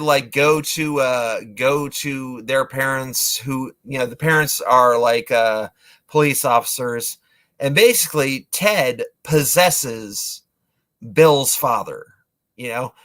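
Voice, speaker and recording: A man's voice: medium pitch, a bit bright. Rambling man retelling a plot. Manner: rambling, filler-heavy, acts out lines. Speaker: movie reviewer.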